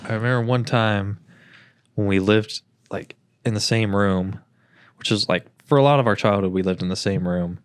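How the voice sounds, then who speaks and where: A young man co-hosts a podcast and tells rambling childhood stories in a low voice. He acts out the quotes with a raised voice. The mic is close and dry. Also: normal speed, clear, resonant tone, no room sound. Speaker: podcast co-host. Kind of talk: casual chat.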